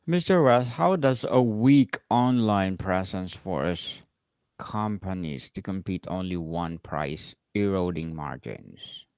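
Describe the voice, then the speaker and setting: A man's voice: low voice, lively intonation, takes it slowly, darkish tone, clear, resonant tone, dry recording. A man hosting a podcast, asking prepared questions in a formal way and addressing his guest as Mister. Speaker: podcast host. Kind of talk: reading interview questions.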